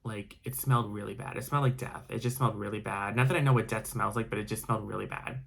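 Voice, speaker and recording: A man's voice: fairly low pitch, steady tone, fast, vocal fry, fairly bright tone, breathy edge. A man telling a personal story in a casual vlog, rambling with frequent restarts and fillers. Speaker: vlogger.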